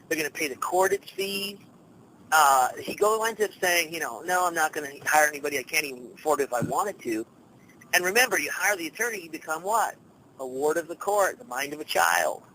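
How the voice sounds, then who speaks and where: A man talking casually as a guest, telling stories with lively swings and acting out the people he quotes. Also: on the high side, a little fast, a little hiss or hum, poor audio. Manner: animated storytelling, acts out quoted people. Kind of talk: casual talk show chat.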